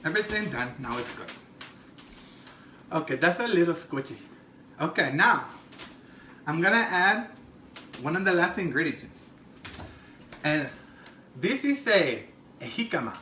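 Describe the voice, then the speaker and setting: In a full character voice, a man plays a brassy middle-aged Mexican-American woman hosting a comedic cooking show. Pitched up, bright and sharp, the voice swings wildly from squeals to low mutters; she's very animated yet unhurried, pausing often while chatting, gossiping, giggling and making crude asides as she demonstrates a recipe. The echoey kitchen carries a little hiss or hum.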